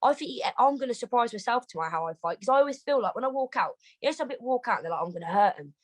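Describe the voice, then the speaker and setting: A British woman, a boxer, talks over a video call at a breakneck pace, animated and swearing constantly. Her voice sits a little high. The sound is dry, with no room echo. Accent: British English. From Britain. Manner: rapid, animated and heavily swearing. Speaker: boxer, interview guest. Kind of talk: casual interview chat.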